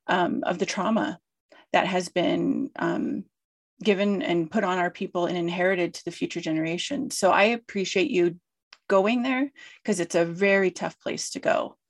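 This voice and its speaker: Low, gravelly-voiced woman interviewer. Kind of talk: interview talk.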